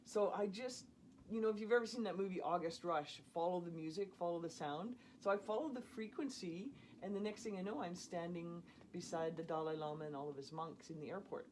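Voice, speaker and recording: Woman, lowish voice, animated storyteller, casual chat, laughs a lot. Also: a little fast, a little hiss or hum. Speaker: storyteller guest.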